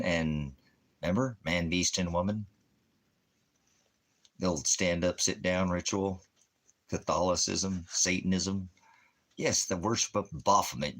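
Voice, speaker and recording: A man with an extremely low, rumbling voice rants in a sarcastic, mocking tone. He delivers religious commentary as a ministry host and chuckles scornfully between his jabs. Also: a bit bright.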